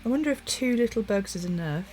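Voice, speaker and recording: A sleepy woman streaming her drawing live, musing quietly to herself and greeting chat viewers. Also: mid-range voice, expressive, fast talker, soft background music. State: sleepy, yawning.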